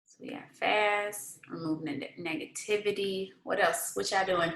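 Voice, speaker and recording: A woman's voice: mid-range voice, steady tone, moderate pace, creaky, a bit bright. A woman hosting a motivational livestream, reading viewers' comments aloud, cheering them on and leading a prayer. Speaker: livestream host. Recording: roomy echo.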